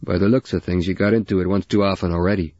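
A man's voice: low voice, fairly even intonation, fast, darkish tone, no room sound, muffled recording. Teasing older brother, read by a man, dry audiobook. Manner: mocking, cocky.

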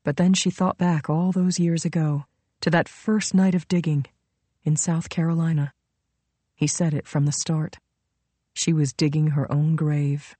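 A woman narrating a story in a measured, dramatic way on a close mic. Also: deep voice, flat delivery, mellow, slightly rough, dry recording. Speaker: audiobook narrator. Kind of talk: scripted narration.

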